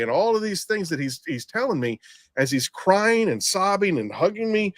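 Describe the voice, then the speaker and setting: A man's voice: on the high side, very animated, normal speed, no room sound. Middle-aged guy rambling thru an old ems story, dry close mic, lots of restarts. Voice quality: rambling, frequent restarts and fillers. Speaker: podcast host, former EMT. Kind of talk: casual storytelling.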